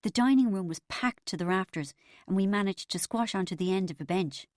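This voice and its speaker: A woman narrating an audiobook in the first person, wry and expressive. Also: medium pitch, fairly quick, no echo, studio quality.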